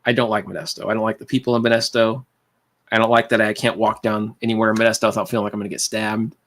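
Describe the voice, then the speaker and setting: A man from California with a lowish, fairly bright voice talks fast in a level tone while hosting a casual livestream. He drifts between ideas, laughs a lot, and keeps calling viewers "man" and "dude."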